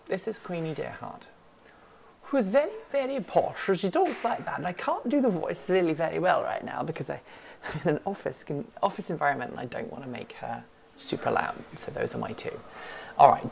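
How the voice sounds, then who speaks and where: A woman's voice: low voice, sing-song, normal speed, gravelly, slight background noise. A woman hosting a casual livestream from an office, rambling, thinking aloud and answering chat questions as she goes. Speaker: host of a livestream hangout. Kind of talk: casual live-stream chat.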